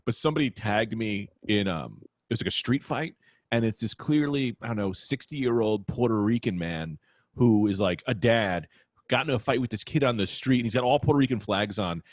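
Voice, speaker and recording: A man co-hosting a casual comedy podcast, telling jokey stories with quick asides. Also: lowish voice, no room sound, clean studio sound. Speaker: podcast co-host.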